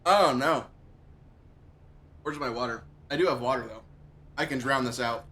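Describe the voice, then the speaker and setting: A man's voice: mid-range voice, fairly even intonation, brisk, bright, forceful tone. A male streamer in pain from hot sauce, groaning, yelping and repeating himself with watering eyes. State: eyes watering, mouth burning. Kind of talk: live game stream chat.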